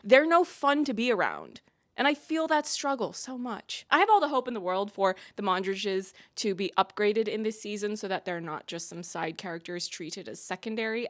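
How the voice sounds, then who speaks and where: A woman's voice: medium pitch, a bit bright. A woman vlogger giving casual, opinionated and playful commentary on a TV show.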